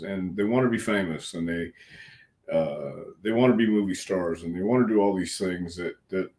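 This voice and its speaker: Low-voiced older man telling stories. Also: a little mellow. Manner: frank, folksy, earnest, with some cussing. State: clearing a frog in his throat. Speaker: wrestling coach, interview guest. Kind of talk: casual storytelling interview.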